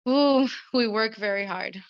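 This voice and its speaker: A woman's voice: mid-range voice, measured pace, no room sound, muffled recording. A woman speaker telling a heartfelt personal story at a community talk, in an earnest, flowing way.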